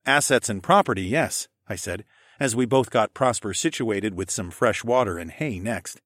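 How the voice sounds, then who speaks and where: Low-voiced man narrating an audiobook. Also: moderate pace, no echo, studio quality. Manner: lively, playful character dialogue. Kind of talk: first-person audiobook narration.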